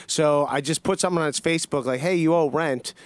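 A man with a somewhat high voice, telling a story in a casual chat. He rambles, stalls on fillers and restarts his sentences. The sound is dry, with no room around it. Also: fast talker, dry recording. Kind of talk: casual storytelling on a comedy podcast.

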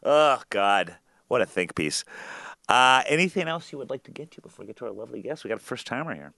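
A man hosting a casual comedy talk show, teasing his co-hosts with quick jokes. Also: mid-range voice, animated, gravelly, bright, forceful tone, dry recording. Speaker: podcast host.

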